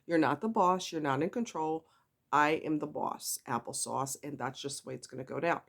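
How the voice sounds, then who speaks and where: A woman's voice: low-pitched, normal speed. A woman giving blunt, emphatic, no-nonsense advice about owning a dog in a casual vlog, with the odd mild swear word.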